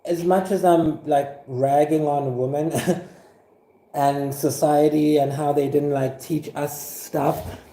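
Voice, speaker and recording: An actor playing a suspicious, aggrieved former teacher who rambles with fillers and chuckles. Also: male voice, on the high side, steady tone, slow pace, warm tone. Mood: rambling aggrieved. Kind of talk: scripted monologue.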